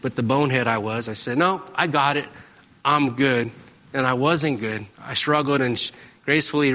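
A man's voice: mid-range voice, bright, forceful tone. A middle-aged male pastor preaching a sermon, talking conversationally and telling stories, often checking in with "right?". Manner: conversational, storytelling, frequent "right?" tag questions. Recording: dull reverberant hall sound.

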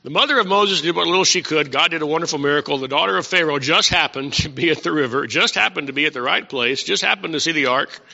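A man's voice: a little high, fast talker, gravelly, few pauses, bright, forceful tone, long reverb tail, lo-fi sound. A man preaching a casual, conversational sermon, asking his congregation questions as he teaches.

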